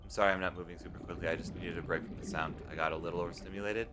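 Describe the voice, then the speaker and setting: A man chatting casually while live streaming a video game, rambling and swinging between loud pleading and quiet mumbling. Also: low voice, steady tone, racing, music in the background.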